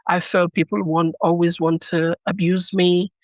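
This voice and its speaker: A woman's voice: on the low side, flat delivery, moderate pace, no room sound. A woman from Leone, a podcast guest who tells her personal story earnestly. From Sierra Leone. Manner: earnest storytelling that acts out remembered dialogue.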